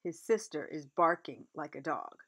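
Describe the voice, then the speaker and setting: A woman reading a picture book aloud, gentle, adding chatty asides about the pictures. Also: sits low, animated, moderate pace. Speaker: reader.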